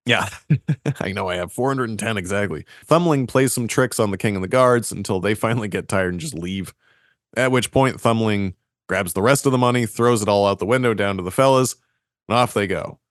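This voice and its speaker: A man, speaking a little low in a dry, close-miked sound. He retells a fairy tale casually, chuckling between jokes. His delivery is loose and playful. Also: a little fast, no echo. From Boston area. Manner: laughs often, loose and joking. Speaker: podcast co-host. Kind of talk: casual chat and story retelling.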